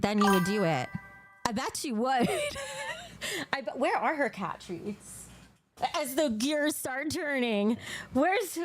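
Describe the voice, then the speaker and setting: A woman's voice: high-pitched, fairly bright tone, a little hiss or hum. A woman hosting a casual livestream, talking to her chat in a crude, joking, bubbly way, sometimes out of breath. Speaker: livestream host.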